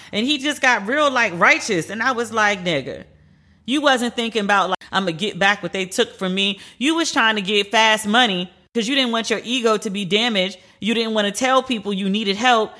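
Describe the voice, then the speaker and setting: Woman, podcast host, bright voice, blunt, profane and incredulous in her commentary. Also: mid-range voice. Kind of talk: casual TV and news commentary.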